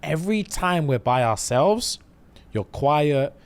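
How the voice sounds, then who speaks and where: Lively man with slang. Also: a little high, slow pace. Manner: animated retelling with slang and acted quotes. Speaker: podcast co-host. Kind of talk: casual storytelling chat.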